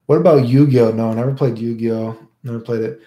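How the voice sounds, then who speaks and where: On a stream, a man rambles casually and answers viewer questions, tacking "right?" onto his sentences again and again. His medium-pitched voice is warm and steady in tone, and he speaks briskly in a roomy-sounding space.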